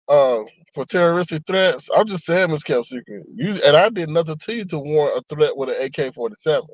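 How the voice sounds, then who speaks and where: A man's voice: fairly high pitch, lively intonation, fairly quick, few pauses, no echo, dull audio. A man in casual chat on a live stream, reading viewer comments aloud and talking back to them. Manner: chatty, reads comments aloud, frequent laughs and asides.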